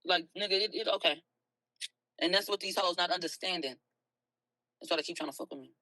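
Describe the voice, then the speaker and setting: A woman hosting a livestream, talking bluntly and with a lot of profanity, soft and tearful at times and then loud again. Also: on the low side, a little fast, dry recording, poor audio. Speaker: livestream host. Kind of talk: emotional early-morning livestream rant.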